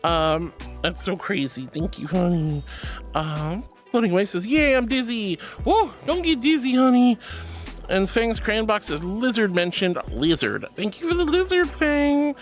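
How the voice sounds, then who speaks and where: Lively streamer gushing over chat, lots of sweeties and honeys, voice jumping high then dropping low, faint music behind. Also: unhurried. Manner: affectionate, calls viewers sweetie and honey; animated, jumps between high squeals and low mutters. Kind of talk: casual chat reading out viewer messages.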